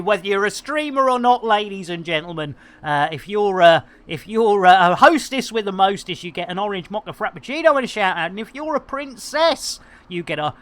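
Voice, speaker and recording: Man, game streamer, jokey rambling banter, cheery shout-outs. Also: high voice. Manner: chatty, jokey, rambling, full of British slang; gives lively shout-outs to viewers. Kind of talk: live-stream game commentary.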